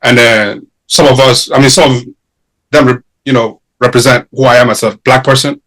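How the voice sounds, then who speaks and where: A man's voice: mid-range voice, steady tone, moderate pace, a bit bright, low-quality recording. A man from Africa hosting a casual podcast chat, blunt and joking, with slang and swearing. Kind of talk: casual group discussion.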